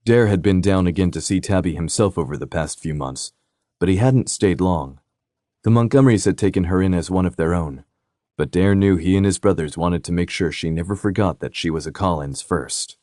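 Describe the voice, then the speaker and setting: A man narrating a romantic suspense audiobook in a steady, even reading. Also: deep voice, a little fast, no room sound, clean studio sound. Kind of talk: scripted narration.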